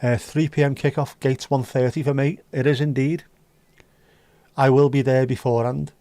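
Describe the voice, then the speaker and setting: A man's voice: medium pitch, level tone, moderate pace, dark tone, dry recording. A man hosting a casual livestream, chatting with viewers in sweary, joking banter. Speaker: livestream host reading chat. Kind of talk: casual chat.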